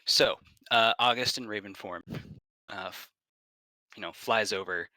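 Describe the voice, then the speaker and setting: Bright, casual man running a game. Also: lowish voice, no room sound, low-quality recording. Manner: casual, halting narration with fillers and brief put-on guard voices. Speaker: game master. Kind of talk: narrating a tabletop game with players.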